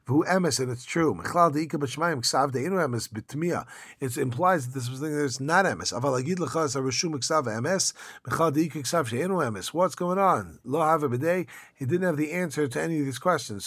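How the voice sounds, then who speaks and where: A man teaching a Talmud lesson, reading the text aloud and translating it in a quick, informal, lively way. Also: fairly high pitch, no echo, clean studio sound. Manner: quick, informal, lively explaining with yeshiva slang.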